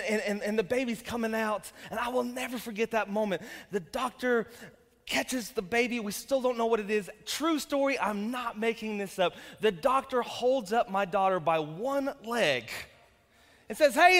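A pastor in his thirties with a strikingly high voice preaches to his congregation. He tells stories with humor and bursts into loud, fervent shouts. The long reverb of the church hall trails behind him. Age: 30s. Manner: energetic storytelling with jokes, rising to shouts. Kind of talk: sermon. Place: church sanctuary.

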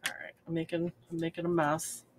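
A woman's voice: low voice, little pitch movement, moderate pace, heavy background noise. A woman hosting a casual livestream from her hobby room, chatty and self-deprecating, laughing often. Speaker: livestream host. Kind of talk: casual livestream chat while crafting.

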